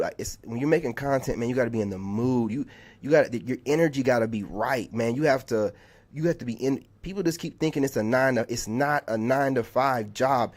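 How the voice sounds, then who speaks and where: A medium-pitched man talks fast in his vlog monologue. He's a content creator on a heated, exasperated rant, retelling things repetitively and sprinkling in lots of "man."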